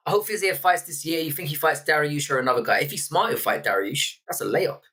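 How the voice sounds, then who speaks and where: A man's voice: a little high, fast talker, few pauses, sharp tone. A man hosting a casual livestream, chatting bluntly and swearing as he answers viewers. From United Kingdom. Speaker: livestream host. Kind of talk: casual live chat reading comments. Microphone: desk microphone.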